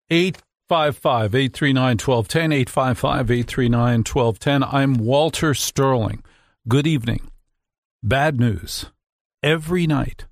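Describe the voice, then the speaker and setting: A man hosts a nightly radio talk show, speaking into a studio microphone with no echo in a mid-range voice. He throws in sarcastic, mock-outraged asides.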